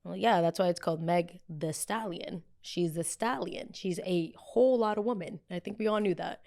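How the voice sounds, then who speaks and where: A young woman hosting a pop culture podcast in a blunt, gossipy, animated chat style. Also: fairly low pitch, moderate pace, vocal fry. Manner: animated, gossipy and blunt, with frequent quoted voices. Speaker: podcast host.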